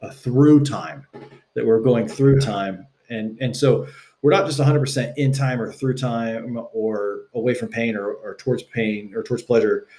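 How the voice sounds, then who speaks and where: Young man from Texas, podcast guest; loose, animated delivery with playful acted-out quotes. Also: mid-range voice, moderate pace. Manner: animated, acts out quoted dialogue, swears casually. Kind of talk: casual conversational interview.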